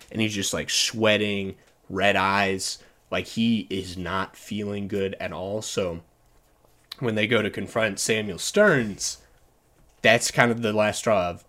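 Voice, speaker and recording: A man with a somewhat low voice talks into a desk mic as the host of a solo movie review podcast. He rambles casually, restarts his sentences and chuckles often as he goes. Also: measured pace, a bit bright.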